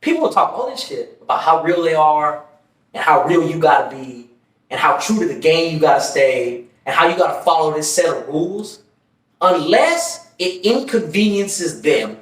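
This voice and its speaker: A man co-hosting a podcast, telling stories in a casual, profane, animated way. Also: a little high, normal speed. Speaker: podcast co-host. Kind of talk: casual chat, storytelling. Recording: echoey room, mic at a distance.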